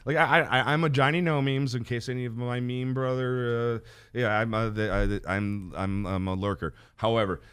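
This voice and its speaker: A man's voice: medium pitch, fairly even intonation, normal speed, fairly bright tone, smooth. A man co-hosting a wrestling podcast in casual chat, throwing in joking asides and rambling through stories. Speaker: podcast co-host.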